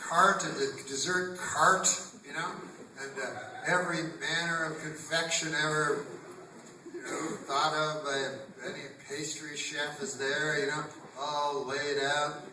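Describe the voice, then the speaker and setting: A man doing a stand-up comedy set on a theatre stage, with a rambling deadpan delivery that bursts loud when he quotes people. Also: on the high side, measured pace, noisy background. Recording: echoey live theatre recording from far off. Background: audience laughter.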